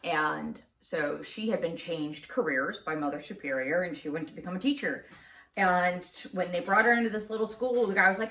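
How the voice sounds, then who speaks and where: A woman telling a true story in a casual storytime vlog, chatty and quick to laugh, recorded in an echoey room. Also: on the low side, pushed and bright, distant mic. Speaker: craft channel host. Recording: roomy echo.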